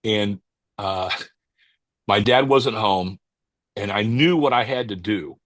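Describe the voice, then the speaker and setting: A man, a cigar company owner and podcast guest, telling stories in a casual interview, halting and restarting as he searches for words. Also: lowish voice, dry recording. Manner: calm, unhurried anecdote telling.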